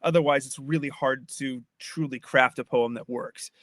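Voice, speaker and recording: At normal speed and medium pitch, a man speaks with fairly even intonation and a fairly bright tone; the studio recording has no echo. He hosts a podcast explaining Old English poetry in a casual, chatty lecture, a little tipsy from wine, often repeating himself, restarting phrases and checking that his listener follows.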